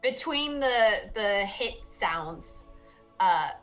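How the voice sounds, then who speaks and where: A woman playing in a streamed tabletop game, giggly and animated. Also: medium pitch, extremely slow, lo-fi sound, faint music behind. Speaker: player. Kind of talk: casual tabletop play.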